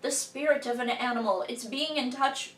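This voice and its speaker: A woman's voice: a little high, normal speed. A woman on a podcast panel, animatedly arguing her view of a film in casual discussion. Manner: animated, expressive, argues her reading of the film. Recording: roomy room, distant mic.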